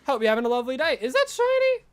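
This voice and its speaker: An Australian game streamer chatting playfully and rambling on a live stream, breaking into excited yelling. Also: sits high, rapid-fire. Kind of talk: live gameplay stream chat.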